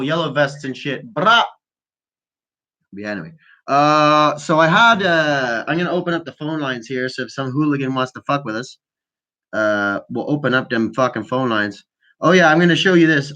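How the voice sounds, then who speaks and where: A man's voice: on the high side, expressive, moderate pace, sharp tone. A man hosting a casual call-in chat, freestyle rapping and rambling with heavy profanity, stoned. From Canada. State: high on weed. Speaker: host.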